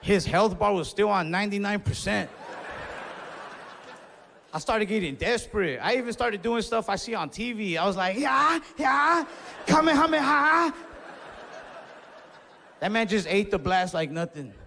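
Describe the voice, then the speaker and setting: Speaking at normal speed, a young stand-up comedian has a high-sitting, gravelly, fairly bright voice. He tells a long, laid-back, profane story on a comedy club stage, recorded with long reverb and faint noise.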